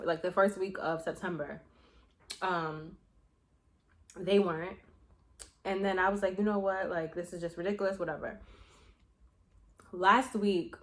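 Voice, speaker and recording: Animated young woman vlogger chatting. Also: fairly low pitch. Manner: animated storytelling with profanity and slang. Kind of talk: casual chat to camera.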